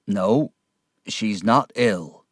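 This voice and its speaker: A man voicing a quiet, grief-stricken young fisherman in a storybook reading. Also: medium pitch, very animated, no room sound, clean studio sound, pitched above the performer's own voice. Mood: grieving. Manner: slow, quiet. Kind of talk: audiobook character voice.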